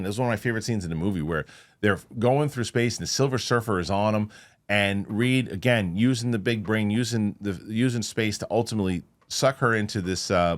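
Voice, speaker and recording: A man hosting a casual film review, retelling scenes in an animated, rambling way with many restarts. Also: lowish voice. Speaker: movie review host. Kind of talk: casual spoiler review chat.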